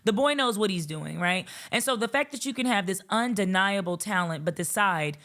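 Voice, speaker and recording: A woman's voice: medium pitch, lively intonation, moderate pace, a bit bright. Sarcastic, profane woman vlogger. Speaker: commentary vlogger. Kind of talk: casual commentary.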